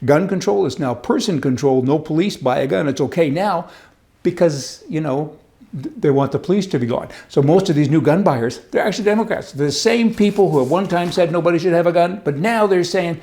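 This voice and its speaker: A man with a gravelly, slightly high voice hosts his own show of political commentary. He talks in a folksy, sarcastic way, tossing out wisecracks and rhetorical questions to his listeners. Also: brisk, warm tone. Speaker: host.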